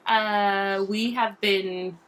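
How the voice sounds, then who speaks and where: A woman's voice: medium pitch, fairly even intonation, noisy background. A woman playing a tabletop game, joking playfully with the others at the table. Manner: playful, quick to joke. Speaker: player. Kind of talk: casual game chat.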